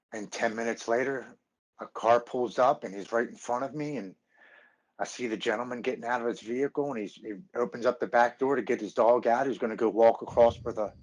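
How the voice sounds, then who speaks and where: A man in his thirties, a podcast guest, telling his recovery story earnestly, stopping and restarting often. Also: mid-range voice. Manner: earnest, halting with many restarts. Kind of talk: personal recovery story, casual chat.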